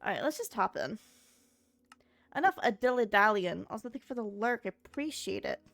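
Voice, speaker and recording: A woman's voice: mid-range voice, expressive, brisk, vocal fry, a bit bright. A woman streaming a game in a casual, rambling way, sounding sleepy after just waking up and chatting with her viewers.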